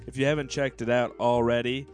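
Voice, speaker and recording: A man co-hosting a casual comedy podcast, rambling through stories, getting loud and cursing. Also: medium pitch, brisk, soft background music. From United States. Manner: animated, swears, rambling storyteller. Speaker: podcast co-host.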